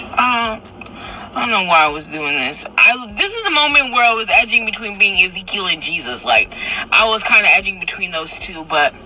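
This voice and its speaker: A person telling a personal story in casual chat, animated and acting out quotes with sudden loud, high bursts, recorded in a car. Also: normal speed, long pauses, slight background noise, low-quality recording.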